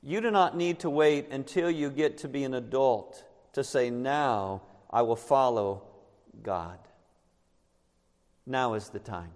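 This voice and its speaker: A male pastor preaching a sermon to his congregation, emphatic and slowing down on key words. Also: medium pitch. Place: church sanctuary. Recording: long reverb in a large church.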